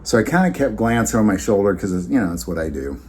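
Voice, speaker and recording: A man's voice: fairly low pitch, sing-song, fast talker, a little mellow, slight background noise. A man hosting his own vlog, telling a story in a rambling, conversational way with many fillers and restarts. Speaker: channel host.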